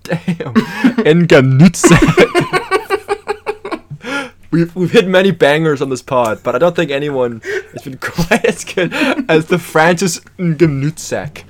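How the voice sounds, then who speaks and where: A man co-hosting a casual podcast chat, silly and animated, laughing often. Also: a little high, moderate pace. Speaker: podcast co-host.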